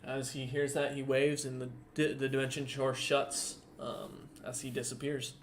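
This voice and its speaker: A man's voice: medium pitch, level tone, normal speed, slight background noise. A man narrating a tabletop game as dungeon master, rambling with lots of fillers. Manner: rambling, many fillers and restarts.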